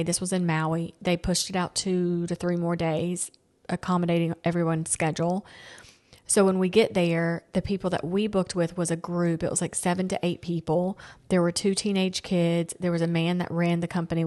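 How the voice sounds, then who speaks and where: A woman hosting a family podcast, telling stories in a casual, animated way, quoting people and laughing often. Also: lowish voice. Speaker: podcast host. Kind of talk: casual chat.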